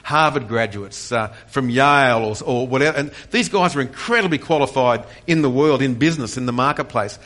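A pastor in his forties races through a passionate testimony-driven sermon in a mid-range voice, a little fast and with hardly any pauses. His delivery swells to near-shouts on the key points, and he frequently starts lines over.

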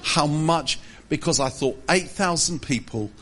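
Male preacher, husky voice, self-deprecating jokes, storytelling sermon. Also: a little high, measured pace, fairly bright tone. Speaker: pastor. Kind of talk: humorous sermon.

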